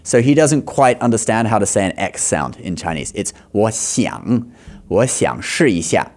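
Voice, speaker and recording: Guy teaching chinese over clips, keeps saying okay?, slows way down to demo words, chuckles a lot. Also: fairly low pitch, sing-song. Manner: explanatory, repeats words slowly to demonstrate; frequent laughs and checking "okay?". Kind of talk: reaction video commentary.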